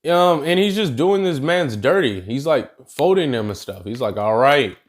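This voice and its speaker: Young guy YouTuber, slangy casual storyteller, very lively pitch, fairly high voice. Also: moderate pace. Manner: slangy, animated, addresses viewers as y'all. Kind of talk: casual anime what-if storytelling.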